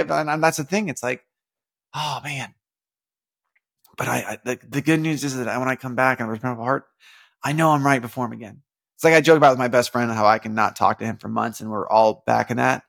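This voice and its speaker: A young man hosting a casual devotional podcast, talking in a rambling, earnest way with lots of fillers, restarts and sudden animated emphasis. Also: medium pitch, brisk, creaky. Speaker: podcast host.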